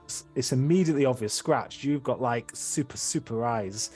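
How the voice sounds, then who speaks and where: Husky-voiced man narrating a tabletop game. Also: medium pitch, normal speed, a little mellow, faint music behind. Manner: rambling, hesitant descriptions. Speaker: game master.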